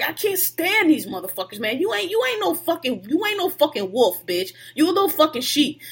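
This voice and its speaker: A woman's voice: sits high, slightly rough. A woman on a podcast venting at length in a heated, profane, casual rant.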